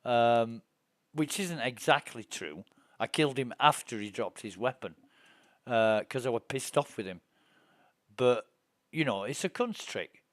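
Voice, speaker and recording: A man's voice: medium pitch, lively intonation, unhurried, pauses often, fairly bright tone, dry recording, studio quality. A middle-aged man, streaming a space game and telling rambling, profane, indignant stories. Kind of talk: casual gameplay chat and storytelling.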